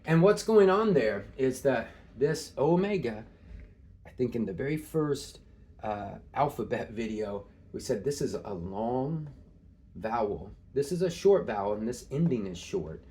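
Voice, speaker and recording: A man's voice: medium pitch, lively intonation, a little slow, a little mellow. Man casually explaining Greek grammar. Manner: casual, thinking aloud with many fillers and small laughs. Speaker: Greek tutor. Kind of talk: informal screen-share lesson.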